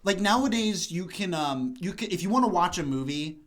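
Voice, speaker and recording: A man's voice: sits high, expressive, brisk, fairly bright tone. A man co-hosting a casual podcast chat, rambling through tangents and dropping "like" constantly. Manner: rambling, full of "like" fillers and tangents. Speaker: podcast co-host.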